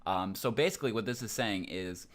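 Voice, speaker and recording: A young man with a fairly low voice walks through Japanese grammar in a relaxed, loose way, sprinkling in ums and likes as he explains. He sounds like a casual online language teacher. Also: brisk.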